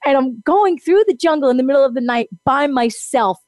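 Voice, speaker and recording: A woman telling a long personal story in casual chat, animated and laughing often as she acts out what people said. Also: high voice, brisk, dry recording, clean studio sound. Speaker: guest.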